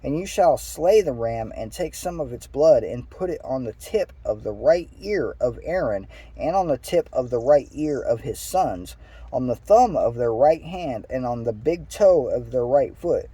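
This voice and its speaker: A man's voice: medium pitch, expressive, unhurried, warm tone, slightly rough, no room sound. A man casually reading a scripture passage aloud, stumbling over words now and then and adding his own asides. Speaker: Bible reader.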